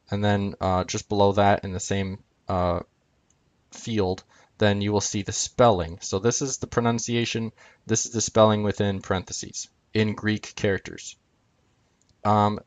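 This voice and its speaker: A man explaining Greek spellings over a screen share, halting, with many ums and uhs as he points at letters. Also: on the low side, no room sound.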